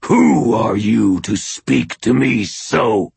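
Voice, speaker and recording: A man voicing a slow purring inhuman skinwalker. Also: mid-range voice, gravelly, darkish tone, husky, dry recording, voice pushed up, full character voice. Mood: seething. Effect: heard over a phone line.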